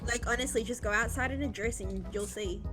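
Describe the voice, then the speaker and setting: A woman's voice: on the high side, a little fast, over music. A woman trading sassy, blunt jokes in game voice chat. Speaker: gamer in voice chat.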